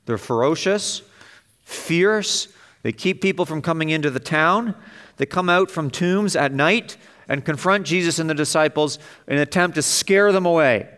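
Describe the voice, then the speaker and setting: A man preaching an expository sermon in an emphatic way, his voice rising as he stresses vivid passages. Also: fairly bright tone. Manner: emphatic, rises in pitch and volume on vivid passages.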